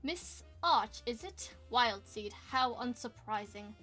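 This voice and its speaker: A woman's voice: on the high side, animated, slow, sharp tone, soft background music, heavily acted. A woman voicing a stern, disdainful older male professor in a put-on British accent, clipped and condescending.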